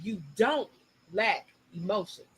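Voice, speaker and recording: A woman co-hosting a casual talk show, speaking, animated and emphatic, and speeding up when she makes a point. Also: mid-range voice, slow, breathy edge, low-quality recording. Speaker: podcast co-host. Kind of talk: casual chat.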